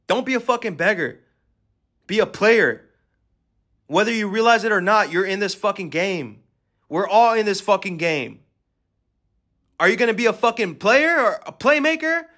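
A man's voice: high-pitched, expressive, moderate pace, pauses often, sharp tone. A man hosting a podcast, giving an aggressive, swear-filled motivational rant at the listener. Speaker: podcast host.

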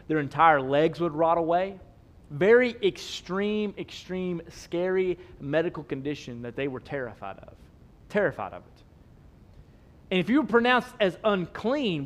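A man preaching in a high, bright-toned voice. He drives his points home with emphatic repetition and rhetorical questions, yet keeps a loose, casual way of talking. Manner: casual, with filler likes. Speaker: pastor. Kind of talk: sermon.

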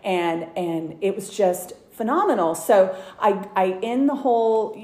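A woman guest earnestly telling a personal faith story in casual, halting speech full of fillers and restarts. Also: medium pitch, lively intonation, a little mellow. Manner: earnest, many fillers and restarts, gets emotional. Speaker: guest sharing testimony. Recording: roomy echo.

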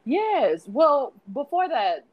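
Blunt woman with a higher voice, chatting about a film. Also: big pitch swings, no echo, dull audio. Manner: blunt, profane, quick to react. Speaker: podcast co-host. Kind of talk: casual movie review chat.

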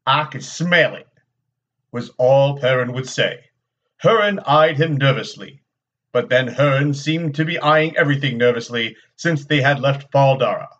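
A man's voice: mid-range voice, unhurried, lo-fi sound. A man reading a chapter of a fantasy novel aloud for a podcast, voicing the quoted lines as he goes. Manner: steady storytelling read with quoted dialogue. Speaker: guest reader.

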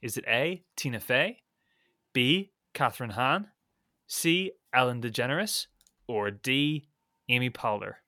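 A man's voice: mid-range voice, animated, takes it slowly, sharp tone, no room sound, clean studio sound. A man co-hosting a casual podcast, reading out quiz questions and answer options with a playful lilt.

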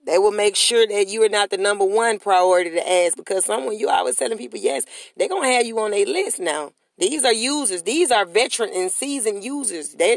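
Woman with a gravelly voice, giving a blunt motivational talk to viewers, slangy and repetitive, dry room. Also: medium pitch, no echo. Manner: emphatic and repetitive, leads call-and-response chants; casual, slangy street talk. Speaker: motivational speaker.

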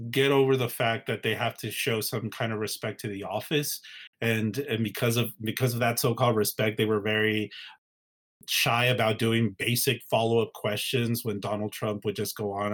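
A man hosting a casual political chat podcast, rambling with fillers and restarts. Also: medium pitch. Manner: rambling, many fillers and restarts, laughing asides. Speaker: podcast host.

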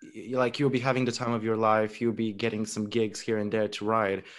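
A man's voice: on the low side, little pitch movement, brisk. A man hosting a podcast, chatting with his guest in a playful, enthusiastic way. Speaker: podcast host. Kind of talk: casual interview chat.

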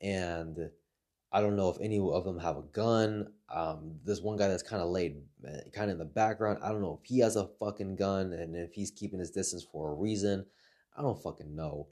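Man, very low voice, casual rambling storyteller, lots of cursing. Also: normal speed, warm tone. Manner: rambling, heavy swearing, laughs through his stories.

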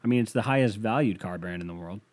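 A young man runs a podcast, speaking quickly in a fairly low, slightly mellow voice. He riffs in an offhand comedic monologue that wanders, stays wry, and is thick with fillers.

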